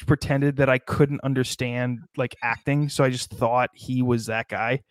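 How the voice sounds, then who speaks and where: A man chats loosely on a comedy podcast, riffing and swearing as he goes. His voice sits at an ordinary middle pitch. The sound is dry and close, with no room around it. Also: fairly even intonation, no room sound. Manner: riffing, profane, does quick mock voices. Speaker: podcast co-host. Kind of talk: casual comedic chat.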